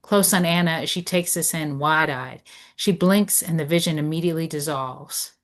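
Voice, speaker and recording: Woman narrator, stage directions, low voice, measured. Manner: measured, descriptive. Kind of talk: script read of stage directions.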